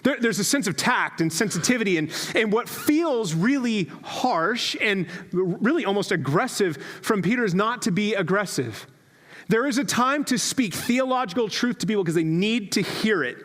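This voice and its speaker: A man in his thirties preaching a sermon as a pastor, telling stories in a conversational, self-deprecating way with quick asides. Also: high voice, expressive, a bit bright. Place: church sanctuary. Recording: long reverb of a church hall.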